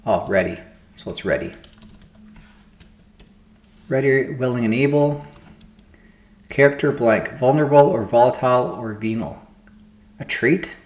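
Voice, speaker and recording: A man's voice: mid-range voice, measured pace, pauses often, a little mellow. A man with a mid-range voice talks himself through word puzzles, floating guesses aloud one after another. His voice carries a noticeable room echo. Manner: musing, trial-and-error guessing of answers aloud. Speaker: host playing word puzzles. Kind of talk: casual thinking aloud while solving puzzles. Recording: roomy echo.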